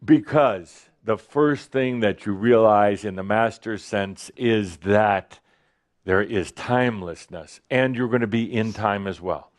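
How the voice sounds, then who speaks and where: A man giving a spiritual talk to an audience, soft and slow in calm passages and loudly acting out panicked inner voices. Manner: animated, acts out panicked inner voices with shouted high pitch. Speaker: channeled teacher addressing an audience.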